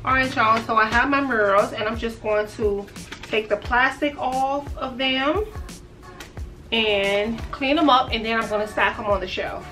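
Woman, casual vlog, excitable, chatty, mic a bit far off, music behind. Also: on the high side, unhurried. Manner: chatty, excitable, addresses viewers as "y'all". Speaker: vlogger. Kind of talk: casual chat. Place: in the car and at home.

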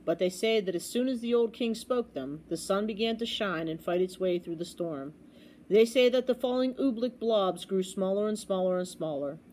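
A woman reading a children's storybook aloud with expressive, dramatic storytelling. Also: medium pitch, a little hiss or hum. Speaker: storybook reader.

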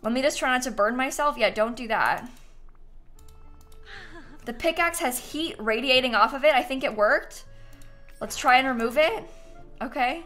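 Young female game streamer: casual, chatty, quick to laugh, with a slightly high voice and keyboard clicks behind. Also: a bit bright, faint music behind. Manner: chatty, reads quest text aloud, laughs easily. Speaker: gaming streamer. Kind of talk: casual live-stream commentary.

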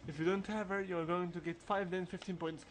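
Joking high-voiced let's play host. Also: male voice, fairly even intonation, brisk, slight background noise. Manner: joking and laughing, with playful asides. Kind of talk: casual game commentary.

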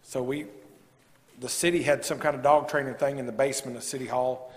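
A man's voice: medium pitch, fairly even intonation, a little fast. A man preaching a sermon as a pastor, folksy and rising to emphatic preaching. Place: church sanctuary. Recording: long church reverb.

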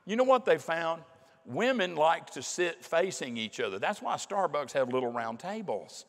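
A middle-aged man preaches a sermon, his voice sitting a little high for a man. He talks in a folksy, emphatic way and drags out the words he wants to land. A long reverb trails his voice through a large church hall. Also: very animated. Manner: folksy and emphatic, slowing down to hammer key points.

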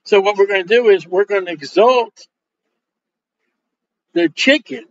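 A high-voiced male preacher tells jokes through his sermon and acts out the lines of people in his stories. The recording is dull and lo-fi. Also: a little slow, a little hiss or hum. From Polish Roman Catholic upbringing. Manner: joking, animated, acts out quoted dialogue. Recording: dull lo-fi sound.

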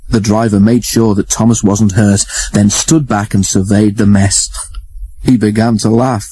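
A man narrating a children's storybook in a steady storytelling manner. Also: fairly low pitch, measured pace, husky, no echo, poor audio. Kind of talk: storybook reading. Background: music.

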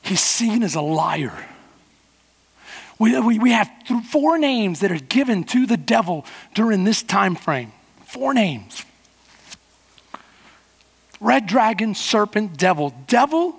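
A man preaching a sermon as pastor, fervent, rushing through some lines and slowing hard on others. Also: high voice, animated, slightly rough. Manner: fervent preaching, swinging from quick bursts to slow emphasis. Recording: long hall reverb.

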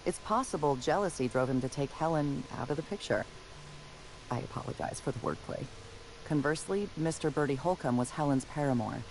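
An actor voicing a formal, dry-witted detective robot in a video game, speaking with precise deadpan delivery. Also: male voice, a little high, brisk, vocal fry, faint music behind, low-quality recording.

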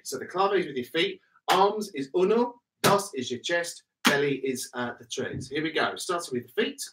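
A man's voice: a little high, lively intonation, measured pace, recorded from a distance, heavy background noise. A British man teaching body percussion in an online workshop, counting in and chanting rhythms with upbeat energy.

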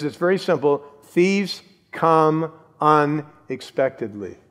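A man's voice: on the high side, in a large hall. An older man, a pastor, giving a sermon in a conversational, humorous way. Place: church sanctuary.

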